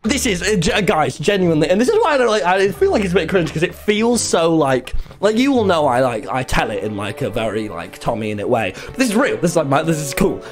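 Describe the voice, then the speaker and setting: Excitable young man, lively pitch. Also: fairly quick, few pauses, faint music behind. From England. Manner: rambling, excitable, many fillers and sudden yelps. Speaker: streamer telling a story. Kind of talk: casual storytime chat.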